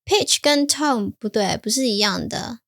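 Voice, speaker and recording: A woman's voice: a little high, expressive, a little slow, a bit bright. A woman from Taiwan with a Taiwanese Mandarin accent, co-hosting a casual bilingual podcast, patiently explaining, mixing Mandarin and English and laughing often. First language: Mandarin Chinese. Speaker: podcast co-host and Mandarin teacher.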